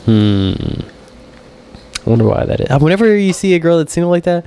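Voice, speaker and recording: Animated young man, casual podcast chat. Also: brisk, slight background noise. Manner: animated, swearing, mimics people with pitched-up voices. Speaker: podcast co-host.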